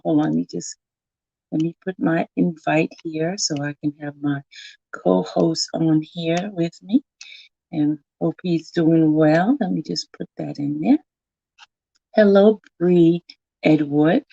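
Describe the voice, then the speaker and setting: Woman hosting a stream, calling out names, low mellow voice, kinda muffled dry sound. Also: creaky, no echo. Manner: greets viewers one by one by name, slow and drawn out. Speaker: livestream host. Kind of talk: casual livestream chat. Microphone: computer or phone mic.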